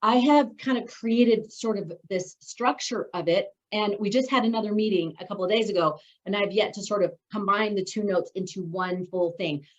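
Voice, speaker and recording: A middle-aged woman coaching a women's group, bubbly and excitable, telling stories with lively asides. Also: mid-range voice, moderate pace, hardly any pauses, rough recording. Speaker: business coach leading a women's group meeting. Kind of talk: animated meeting talk with storytelling.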